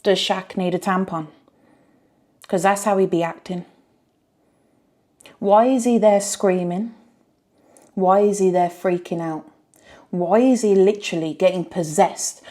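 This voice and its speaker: Exasperated woman, low voice. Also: measured pace, long pauses, warm tone. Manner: exasperated, fires rhetorical questions. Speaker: reality show reviewer. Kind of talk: reaction review rant.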